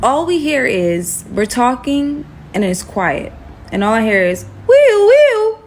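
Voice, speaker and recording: This is an animated young woman telling a casual storytime. She rushes through some parts in quick bursts, then drops hushed and tense as the story turns scary. Her pitch sits in the middle for a woman. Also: a little hiss or hum.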